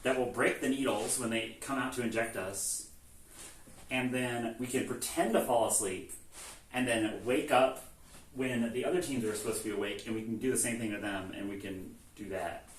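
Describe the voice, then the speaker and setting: A host recapping a video game series goes over a game's story casually in a medium-pitched voice at normal speed. He rambles with plenty of "like" and swearing and acts out the lines, recorded far from the mic in an echoey room with faint ambience and slight background noise.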